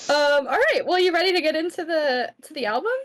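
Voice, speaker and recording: Lively young woman leading a chat. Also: high-pitched, low-quality recording. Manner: easygoing, laughs often, guides the talk. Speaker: podcast co-host. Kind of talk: casual chat.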